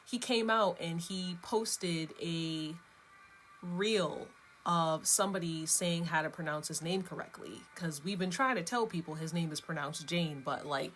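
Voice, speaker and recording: A woman's voice: fairly low pitch, unhurried, a bit bright, soft background music. A woman hosting her own vlog, chatting casually in a rambling, chatty way and laughing between thoughts. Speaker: vlogger host. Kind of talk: casual chat.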